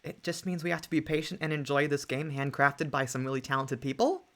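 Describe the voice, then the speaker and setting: A woman streaming a game, chatting excitedly with quick jokes and asides over soft music. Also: low-pitched. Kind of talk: casual let's-play chat. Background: soft lofi music.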